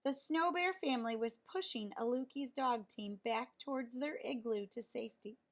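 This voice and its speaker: A woman reading a picture book aloud, gently, pausing to wonder what comes next. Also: fairly high pitch. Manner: gentle, slow, pausing to ask questions. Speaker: storyteller.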